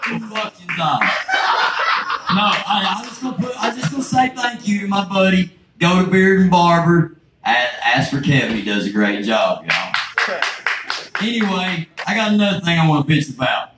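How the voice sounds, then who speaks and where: A man's voice: sits high, big pitch swings, normal speed, loud music behind the voice. A man with a rural Southern American accent doing a crude, self-mocking stand-up set on a club stage. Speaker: stand-up comedian. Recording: echoey, noisy room from far off.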